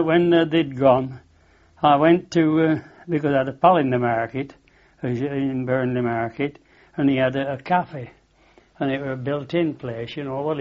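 An older man with a Lancashire accent tells a long rambling story in a chatty interview, repeating "I said" and laughing at his own tale. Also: medium pitch. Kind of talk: rambling anecdotal reminiscence. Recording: dull lo-fi recording.

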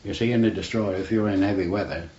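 A fast-talking older navy veteran, his voice on the low side, steady and darkish, rambles through stories in an oral history interview. He keeps adding "you see", heard on roomy, dull archival tape with faint hiss.

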